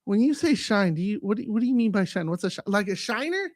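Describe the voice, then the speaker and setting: A man hosting a casual live-stream chat, jokey and animated and given to breaking into silly voices. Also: sits high, fairly quick, hardly any pauses. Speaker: host.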